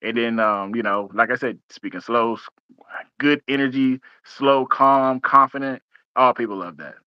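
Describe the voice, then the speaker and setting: A man hosting a casual podcast chat, talking fast and excitedly, often repeating words as he restarts. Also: mid-range voice, clean tone, no echo, lo-fi sound. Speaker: podcast host.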